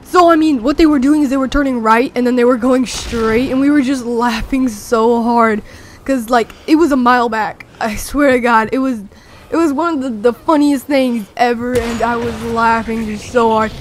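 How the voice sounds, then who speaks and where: A young teenager rambling excitedly through a story with many fillers, talking over gameplay. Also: medium pitch, moderate pace. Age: young teen. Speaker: gameplay commentator.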